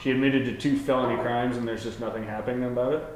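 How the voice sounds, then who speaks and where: A man talks loosely and swears freely as he spins animated stories about brushes with fame. His mid-range voice carries a roomy pub echo over a faint hum of ambience. He sounds like a regular at the table, blunt and quick to react. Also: medium pitch. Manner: profane, animated storyteller. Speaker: co-host. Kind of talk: casual bar chat.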